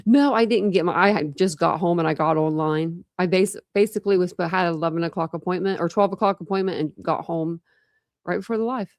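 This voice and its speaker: A woman's voice: fairly low pitch, brisk, no echo, studio quality. A young woman hosting a casual true crime livestream, tired and rambling with many fillers. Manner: rambling, lots of fillers and restarts. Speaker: true crime channel host. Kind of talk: casual livestream chat with viewers.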